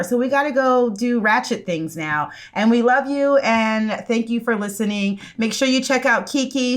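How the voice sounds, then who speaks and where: A woman co-hosting a podcast, telling stories in casual chat, animated and cursing freely. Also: a little high. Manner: animated, swearing, laughing storyteller. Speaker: podcast co-host.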